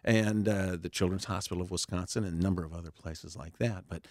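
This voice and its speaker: A man with a low voice tells stories as an interview guest, full of fillers and restarts. His voice sits close and dry, with no room sound around it. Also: fairly even intonation, a little fast, dry recording. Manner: warm anecdotal telling with many fillers and restarts. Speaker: author and therapy dog charity founder.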